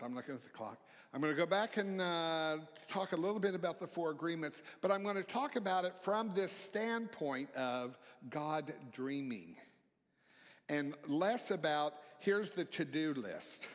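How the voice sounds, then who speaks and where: Man, minister, sermon, slow unhurried delivery, soft near-whispered phrases, echoing hall. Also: fairly high pitch. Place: church sanctuary. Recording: long hall reverb.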